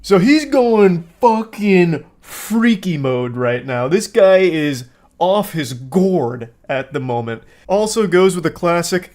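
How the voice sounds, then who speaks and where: A man's voice: sits high, expressive, slow pace, a little mellow. Sarcastic man reading texts aloud. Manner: sarcastic, dry, mocking asides. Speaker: host. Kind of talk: comedic commentary, reading text messages.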